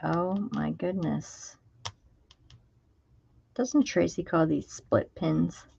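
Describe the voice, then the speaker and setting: A woman chats her way through a crafting project, half to her viewers and half to herself. Her voice sits low with a gravelly edge, and she takes her time. The sound is slightly dull and lo-fi. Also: fairly even intonation, very slow, a little mellow. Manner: chatty, talks to herself while working, drops into whispers. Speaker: craft video host. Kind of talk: casual crafting vlog chat.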